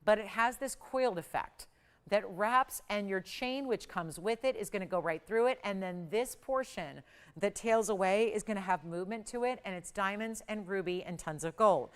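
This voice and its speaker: A middle-aged woman hosting a live TV shopping show, giving an enthusiastic, emphatic sales pitch in a studio. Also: clean tone. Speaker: shopping channel host.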